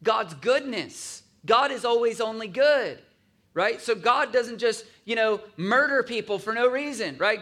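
A man's voice: extremely high pitch, expressive, measured pace, bright, forceful tone. A man preaching a sermon in a conversational way, often asking his listeners to agree and acting out grumbling voices in asides. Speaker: pastor.

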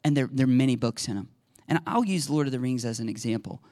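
A middle-aged male pastor preaching a conversational sermon that swings into loud, excited shouting. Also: medium pitch, fast, no echo.

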